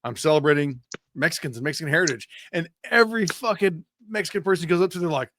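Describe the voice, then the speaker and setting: A man's voice: on the high side, fast, background noise. Casual, foul-mouthed male podcast host. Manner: casual, swears freely, retells viral clips. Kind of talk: casual chat.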